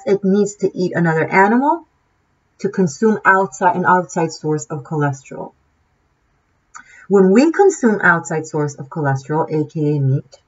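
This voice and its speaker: A woman's voice: on the low side, husky. A woman tarot reader giving an impassioned, preachy monologue, swearing freely and restarting her sentences often. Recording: dull lo-fi sound.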